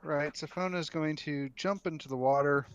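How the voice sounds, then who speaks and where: A man's voice: a little high, normal speed, clean tone, dull audio. A man playing in a tabletop game, laying out plans plainly. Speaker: player. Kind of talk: casual table talk.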